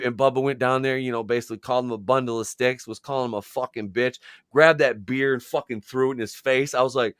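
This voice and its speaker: A man's voice: medium pitch, steady tone, fast talker, a bit bright, dry recording. Guy rambling and swearing on a podcast, acting out stories, dry close sound. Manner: rambling, swears a lot, acts out quotes. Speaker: podcast co-host. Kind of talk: casual profane chat.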